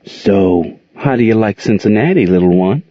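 A man's voice: lowish voice, lively intonation, moderate pace, dark tone, dry recording. A man voicing an older aunt, folksy, firm and protective, in a dull muffled recording. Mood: tender. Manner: folksy, scolding then tender. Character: warm firm older aunt raising kids.

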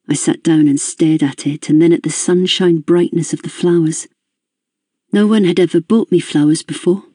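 An audiobook narrator giving a measured, introspective first-person reading of a novel. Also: mid-range voice, warm tone, breathy edge, no echo, studio quality.

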